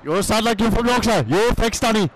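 A pompous comic foreigner speaks in stilted, broken English, firing off short barked phrases, as a man puts him on for a live podcast bit. The voice sits high. It is recorded live at a convention hall. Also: fast, background noise, natural voice. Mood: mock-formal.

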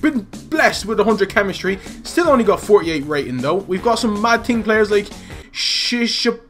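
A young man giving excited, jokey commentary over his own football video game, swinging between shouts and mutters. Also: high-pitched, normal speed, soft background music. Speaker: gaming YouTuber.

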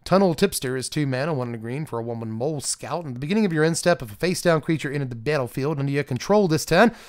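A man's voice: medium pitch, lively intonation, racing, a little mellow. A man with a strained voice hosting a card game channel, reading card text aloud and rating each card in a chatty, self-deprecating way. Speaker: card game channel host reviewing a set. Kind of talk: casual solo review talk.

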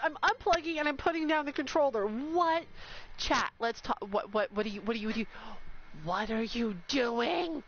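A woman streamer, talking to her live chat in an excited, overwhelmed rush of exclamations. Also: sits high, moderate pace. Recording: slightly dull sound with faint noise.

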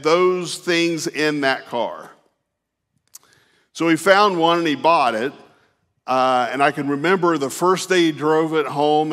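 A man delivers a sermon in a church, his voice sitting a little high for a man. He talks in a folksy, easygoing way, full of "uh"s and restarts. The sound rings out with the long reverb of a large hall. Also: a bit bright. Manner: folksy, unhurried, with frequent fillers and restarts. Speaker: pastor. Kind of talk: conversational sermon with personal storytelling. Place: church sanctuary.

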